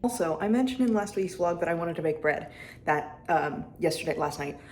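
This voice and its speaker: A woman's voice: on the low side, lively intonation, brisk, a little mellow, a little hiss or hum. A young woman chatting casually to camera in a rambling, self-deprecating way while she goes about her day at home. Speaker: vlogger. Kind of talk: casual vlog chat.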